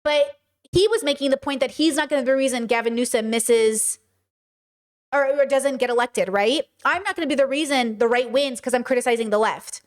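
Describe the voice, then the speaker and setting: A woman's voice: high-pitched, a little fast. A woman streaming live commentary, talking passionately and emphatically and answering her chat.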